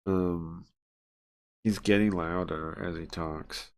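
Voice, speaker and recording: A man casually reading a game aloud on a live stream, chatty and laughing often, jumping up in pitch when he voices the characters' lines. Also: fairly even intonation, slow, a little mellow.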